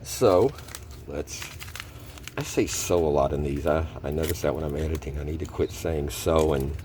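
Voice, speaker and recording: Here the gold prospecting host has an extremely low, dark voice at a moderate pace, with a little hiss or hum on the audio. He chats casually at his home table, rambling, self-correcting and often chuckling.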